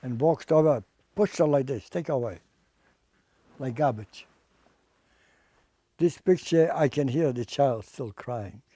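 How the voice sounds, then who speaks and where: Older guy telling his story, grave and halting, repeats himself a lot, soft mellow voice, dry sound. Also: mid-range voice, no room sound. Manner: halting, repeats and restarts words, grave and emotional. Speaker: interviewee, artist. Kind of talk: personal testimony.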